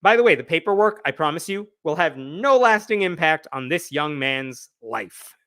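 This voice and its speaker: A man with a slightly high voice hosts a live news commentary show. He retells the story in a wry, animated way and acts out quotes as he goes. The sound is dry and close, with almost no room echo. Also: normal speed.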